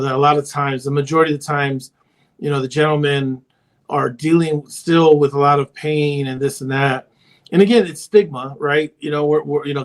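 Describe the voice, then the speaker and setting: Guy therapist rambling on a podcast, kinda high voice, lots of "you know". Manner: rambling storyteller, heavy on filler phrases. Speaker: therapist and parent coach. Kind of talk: casual podcast conversation.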